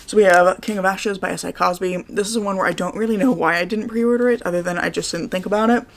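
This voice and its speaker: Woman w/ a bit of a hoarse morning voice, gravelly, rambly upbeat book chat. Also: mid-range voice, fairly even intonation, fast talker. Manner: chatty, upbeat, rambling with fillers. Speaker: book vlogger. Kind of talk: casual book haul chat.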